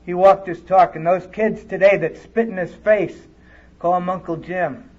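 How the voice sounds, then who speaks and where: A dull lo-fi tape captures a Californian man at a recovery conference, telling his own story candidly and earnestly to a live audience in the hall. He has a high voice with fairly even intonation and speaks at normal speed.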